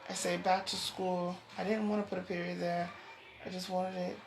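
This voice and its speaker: Low gravelly woman with a rambling talk. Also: flat delivery, normal speed, background noise. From United States. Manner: meandering, restarts phrases, laughs softly. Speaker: show host. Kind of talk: rambling solo talk show.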